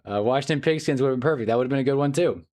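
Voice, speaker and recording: A man's voice: mid-range voice, racing, darkish tone. Rambling male streamer chatting casually. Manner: rambling, reactive, laughs often; talks to chat while browsing online. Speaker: live streamer. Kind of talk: casual live-stream chat.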